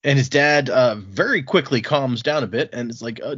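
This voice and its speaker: A man co-hosting a podcast, casually recapping book chapters and paraphrasing the characters' lines in an animated way. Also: mid-range voice, a little fast, few pauses, breathy edge, highs cut off. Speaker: podcast co-host.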